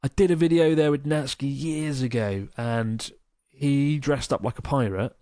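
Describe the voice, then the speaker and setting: A man with a mellow, medium-pitched voice co-hosts a casual podcast at normal speed, reading listener emails aloud and chatting enthusiastically with the occasional casual swear. The recording is dry and studio quality.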